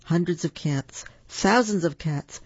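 A storyteller reads children's picture books aloud slowly, gently, and expressively, in a medium-pitched voice with a breathy edge. There's no echo, though the recording sounds dull and lo-fi.

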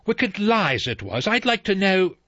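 A man's voice: high voice, sing-song, a little slow, a bit bright, dry recording, pitched above the performer's own voice, exaggerated voice. A man reading an audiobook, voicing an anxious, deferential middle-aged butler who pleads earnestly. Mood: pleading. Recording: slightly dull dry recording.

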